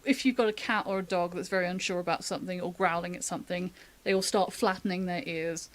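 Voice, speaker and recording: A woman talks through a drawing demo in a relaxed, chatty stream. She thinks aloud as she sketches and laughs easily. She is from the UK. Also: fairly low pitch, quick pace. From United Kingdom. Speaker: artist giving a drawing demo. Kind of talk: casual live-stream drawing tutorial.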